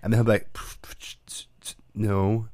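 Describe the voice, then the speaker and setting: Man, very low voice, dry close sound, casual storytelling, acts out quotes. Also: little pitch movement, slow, dark tone, no echo. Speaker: podcast co-host, father.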